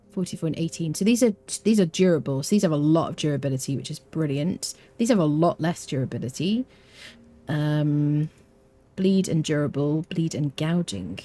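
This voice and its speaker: A woman giving chatty, animated live commentary while she plays a video game. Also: deep voice. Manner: chatty, animated, talks to chat and her cat. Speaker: game streamer. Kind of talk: live let's play commentary.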